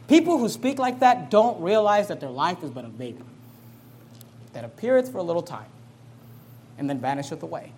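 A man as pastor preaching an emphatic sermon, pressing his listeners with repeated rhetorical questions and swinging between quiet and loud passages. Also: high-pitched, lively intonation, fairly quick, a little hiss or hum.

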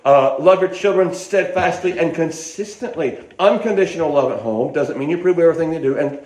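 A man's voice: fairly high pitch, fairly quick, a little mellow. An older man preaching a sermon in a folksy, rambling way, with restarts and asides, in an echoey hall.

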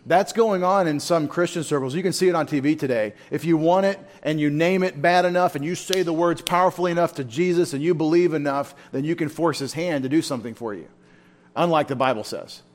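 A man's voice: fairly high pitch, brisk. A man leads a church Bible study in a loose, conversational way. He often turns to his listeners with questions. His voice sits a little above the usual male range. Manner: informal, asks the room questions. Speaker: Bible teacher.

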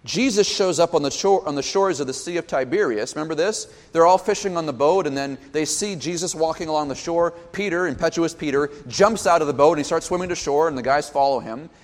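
A man preaching a sermon as pastor, his voice rising with emphasis and dropping low on solemn points. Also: brisk, hardly any pauses, long reverb tail. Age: young adult.

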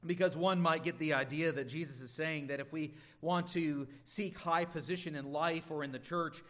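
Male pastor, slightly high voice, earnest emphatic sermon delivery. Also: steady tone, normal speed, a bit bright. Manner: earnest, emphatic preaching with some stumbles.

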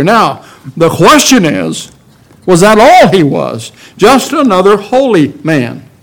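A man delivering a sermon at an unhurried, measured pace. His voice sits a little above the usual male range, and he leans hard on key words and asks his listeners question after question. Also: sits high. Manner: emphatic, rhetorical questions, slow deliberate delivery. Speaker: pastor.

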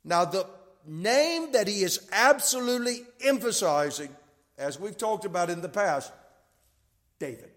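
A man's voice: sits high, expressive, unhurried, a bit bright. A man teaching a Bible class, explaining step by step, repeating key points and checking that listeners follow. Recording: long reverb of a hall.

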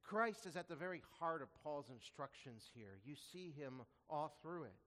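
A man preaching a sermon as a pastor, earnest, asking rhetorical questions and slowing down to stress quoted scripture. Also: a little high, animated, fairly bright tone, long reverb tail. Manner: earnest, rhetorical questions, slows for emphasis when quoting scripture.

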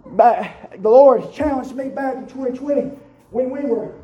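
Shouting preacher, high and roomy. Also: male voice, unhurried, dull audio. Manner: whooping preacher, shouting in rising cadences. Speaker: pastor. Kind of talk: sermon. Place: church sanctuary. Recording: roomy church sound from a distant mic.

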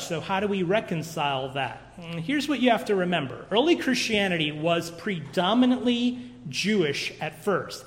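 A man preaching an expository sermon, earnest and emphatic, posing rhetorical questions to his congregation in a church. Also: high-pitched. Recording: long reverb of a large hall.

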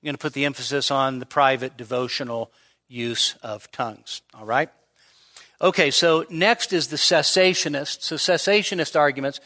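A man's voice: a little high, bright, forceful tone. A male pastor giving a midweek teaching sermon, explaining step by step and often checking in with his listeners.

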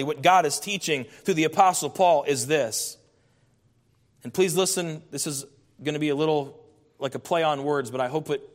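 A man's voice: on the high side, big-room sound. A man preaching a sermon as a pastor, earnest and emphatic, his voice rising in bursts.

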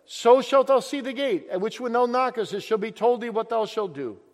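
A man's voice: extremely high pitch, moderate pace, pitched above the performer's own voice. A male preacher voicing an earnest male minister who urges a seeker in solemn, old-fashioned speech. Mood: urgent. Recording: long echo of a large hall.

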